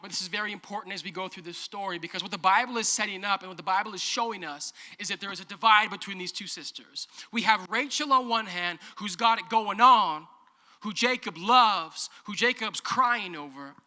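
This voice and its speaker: A man's voice: high-pitched, bright, forceful tone, long reverb tail. A man preaching a sermon as pastor, joking in a conversational way and calling on the congregation to respond. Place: church auditorium.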